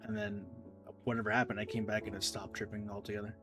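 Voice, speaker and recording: A man's voice: fairly low pitch, very animated, fast. A man giving casual, rambling gameplay commentary as a streamer, self-deprecating and reading chat, over faint game music. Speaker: gaming streamer.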